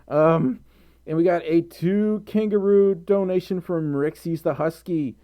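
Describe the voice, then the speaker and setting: A live streamer chats casually and reads out donations in a medium-pitched, somewhat slow voice, captured with lo-fi sound. They giggle, ramble, get flustered and keep putting themselves down.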